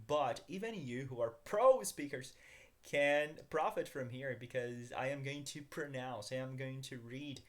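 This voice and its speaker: A man teaching a beginners' language lesson, upbeat, calling his viewers guys and asking them to repeat after him. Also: medium pitch.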